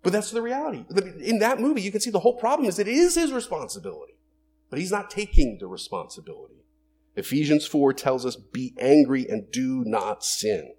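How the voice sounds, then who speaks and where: A man preaching a sermon in a conversational, animated way, asking rhetorical questions and acting out everyday quotes. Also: on the high side, fairly quick. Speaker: pastor.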